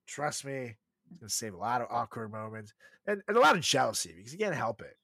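A young man co-hosting a podcast, chatting casually and crudely, laughing often and swearing as his voice swings from loud to soft. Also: medium pitch, sing-song, fast, creaky, husky, dry recording. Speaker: podcast co-host.

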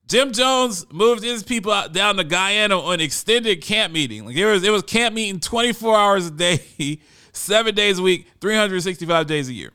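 Male podcast talker, bright and lively tone, loose and rambling delivery. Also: high-pitched, moderate pace, clear, resonant tone. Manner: animated, conversational, trails off and repeats words. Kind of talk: casual monologue.

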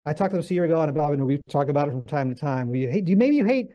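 A man teaching a Bible class, emphatic and animated, firing rhetorical questions at his listeners. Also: a little high, rapid-fire, hardly any pauses.

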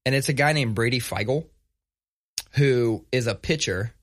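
A man co-hosting a casual podcast, talking in a relaxed, conversational way and telling stories. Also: mid-range voice, measured pace. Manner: conversational, reads sponsor plug casually. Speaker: podcast co-host. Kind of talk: casual chat.

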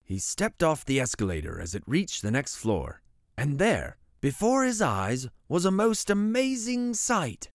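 A man reads a bedtime picture book aloud as host of a story show. His pitch swoops widely as he tells the tale with voices. The sound is dry and close, with no room echo. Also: sing-song, a little slow.

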